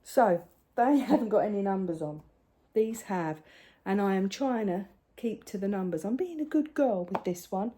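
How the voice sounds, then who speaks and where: An older woman, chatting casually at home as a crafting vlogger, rambling, with soft hushed asides. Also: medium pitch, sing-song, normal speed, few pauses. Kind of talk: casual chat showing crafts.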